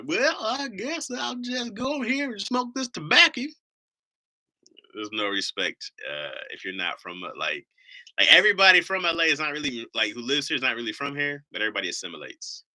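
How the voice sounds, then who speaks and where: A man's voice: mid-range voice, bright, forceful tone. A man from Ohio hosting a live stream, rambling in casual chat, joking and swearing freely.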